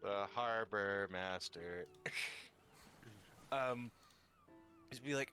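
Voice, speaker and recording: A player in a tabletop game, this man talks casually and slips in playful jokes. His voice is bright and forceful, with faint music underneath. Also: lowish voice, very slow, long pauses. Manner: joking, playful asides.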